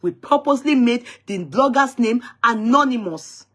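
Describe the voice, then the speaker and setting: A woman's voice: on the high side, animated, normal speed. A woman hosting a live-stream talk show, speaking in an emphatic, indignant way and often repeating herself as she recounts a dispute. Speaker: host of an online talk show.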